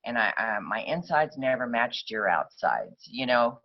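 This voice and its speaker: A woman's voice: rumbling low, sing-song, a little slow. Woman, recovery meeting speaker, rambling conversational storyteller, muffled lo-fi recording.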